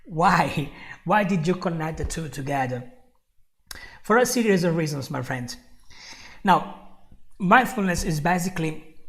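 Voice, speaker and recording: Gravelly Italian-accented male English teacher. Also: fairly high pitch, a bit bright. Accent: Italian, mixed with American and Australian. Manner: emphatic, repeats key points, addresses viewer directly. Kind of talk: online English lesson.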